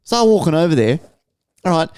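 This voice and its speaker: A man's voice: on the high side, a little fast, smooth, no echo, clean studio sound. A young Australian man co-hosting a podcast, telling a story in casual chat, swearing freely and full of slang. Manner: profane, animated storytelling with heavy slang. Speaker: podcast co-host.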